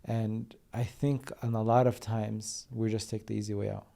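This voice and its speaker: A man's voice: fairly low pitch, level tone, normal speed, vocal fry, warm tone. A man hosting a podcast, speaking reflectively in a casual conversation. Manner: reflective, agreeing, short interjections. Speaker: podcast host.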